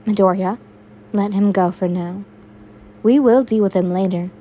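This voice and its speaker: A woman voicing a kind young queen, soft and caring yet firm, in a read-aloud fan fiction. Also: mid-range voice, normal speed, highs cut off, a little hiss or hum, natural voice.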